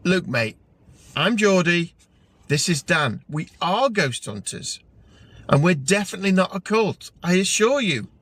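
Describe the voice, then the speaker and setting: A man's voice: high voice, animated, fairly bright tone, no room sound, heavily acted. A man voicing an awkward male ghost hunter with a South Welsh accent, hurrying to reassure. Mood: reassuring. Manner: hurried, reassuring.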